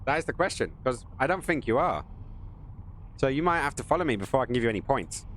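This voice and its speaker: A man streams a point-and-click game and chats away to his viewers. He rambles and jokes in a relaxed, offhand way. His voice sits at a middle pitch, with a faint hiss in the background. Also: quick pace. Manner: rambling, jokey, chatting to viewers. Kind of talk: casual live-stream game commentary.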